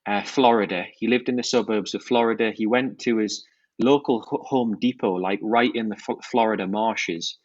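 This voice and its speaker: A watch brand founder, appearing as a podcast guest, talks enthusiastically and fluently about his product and business, restarting sentences now and then. His lowish voice has fairly even intonation and a moderate pace, with no echo and the highs cut off.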